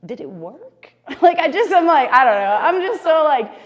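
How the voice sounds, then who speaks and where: A woman leading a casual church Bible study discussion, talking in an animated, conversational way full of "like.". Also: high-pitched, moderate pace, muffled recording. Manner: animated, conversational, heavy use of "like".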